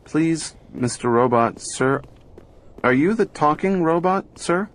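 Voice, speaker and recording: A man's voice: expressive, slow, slight background noise. Man doing a timid little girl. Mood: polite pleading. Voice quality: soft, high treble voice. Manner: timid and very polite. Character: small polite anxious little girl.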